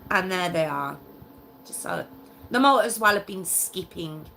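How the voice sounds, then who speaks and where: Slow, indignant woman host. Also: on the low side, lively intonation, creaky, bright, forceful tone, a little hiss or hum, poor audio. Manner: indignant and emotional, repeats phrases. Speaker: true crime host. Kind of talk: casual true crime storytelling.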